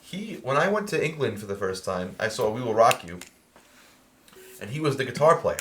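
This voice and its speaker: Podcast host, American man, mid-pitched, animated casual talker. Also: normal speed, a little hiss or hum. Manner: animated, laughing storyteller, many fillers. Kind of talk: casual chat.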